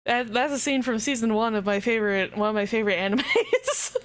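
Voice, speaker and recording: A woman streaming a game live, chatting casually to her viewers, giggling and swearing as she gets excited. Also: fairly high pitch, normal speed.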